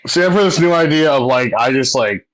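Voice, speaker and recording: A man's voice: medium pitch, expressive, fast, fairly bright tone, rough recording. A man playing a tabletop game, speaking in a mock-formal, smug in-character tone. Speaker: player. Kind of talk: casual in-character play.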